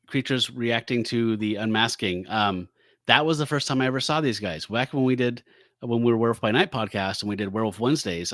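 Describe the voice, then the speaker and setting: A man co-hosting a podcast, chatting casually about a comic book and reading its dialogue aloud in quick, playful voices, laughing often. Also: lowish voice, a bit bright, dry recording. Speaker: podcast co-host.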